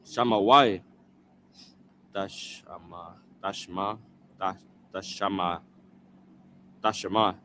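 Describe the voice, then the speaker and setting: Male scripture reader, bright-toned, slow and halting, sounds out words piece by piece. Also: sits low, steady tone, slight background noise. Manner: halting, sounding out words, repeating after a prompter. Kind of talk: reading scripture aloud syllable by syllable.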